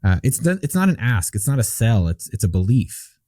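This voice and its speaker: A man, a guest entrepreneur on an interview podcast, telling stories in an animated, emphatic way. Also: on the low side, normal speed, no room sound. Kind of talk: conversational interview.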